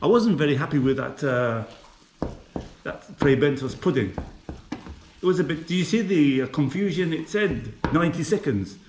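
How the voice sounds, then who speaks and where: Cooking vlogger from England, a chatty man with a slightly high voice, recorded in an echoey home kitchen. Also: animated, normal speed, darkish tone, a little hiss or hum. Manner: chatty, talks to viewers while cooking. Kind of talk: casual cooking vlog. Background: frying and sizzling from the hob.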